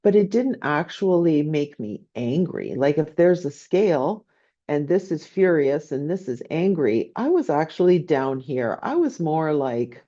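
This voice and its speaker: Chatty woman professor, mellow lo-fi sound. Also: deep voice, big pitch swings, a little slow. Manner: conversational, often asking "right?". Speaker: business professor. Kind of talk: online lecture answering questions.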